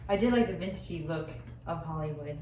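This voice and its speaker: A young woman co-hosting a casual food vlog, relaxed and understated in her remarks. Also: deep voice, fast. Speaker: co-host, host's wife. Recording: echoey room, distant mic, faint noise.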